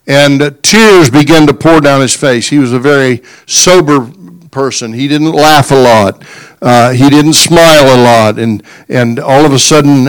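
Smooth-voiced preacher man with an amen-filled delivery. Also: medium pitch, low-quality recording. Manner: storytelling, rising to fervent exhortation with frequent amens. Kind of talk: sermon. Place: church.

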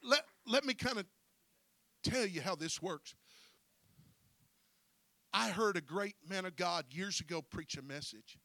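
A pastor preaches a sermon in a folksy style, breaking his phrases with "uh" and swinging from quiet storytelling to shouted preaching. His voice is high and animated, with a measured pace and long pauses.

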